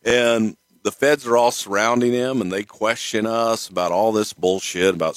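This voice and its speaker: Man, telling stories, swearing a lot, lively pitch, dry sound. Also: normal speed, dry recording. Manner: profane, animated storytelling. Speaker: guest storyteller. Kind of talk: casual storytelling.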